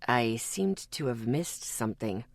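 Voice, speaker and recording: A woman's voice: a bass voice, animated, unhurried, vocal fry, dry recording, clean studio sound, voice pushed down, full character voice. A woman voicing a subdued, serious young man in an audiobook. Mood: grave quiet.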